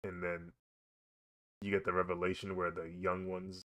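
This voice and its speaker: A man's voice: low-pitched, completely flat delivery, normal speed, fairly bright tone. A young man, chatting casually and rambling while he draws, laughing often and saying "bro" a lot. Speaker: artist streaming a drawing session. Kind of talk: casual chat while drawing.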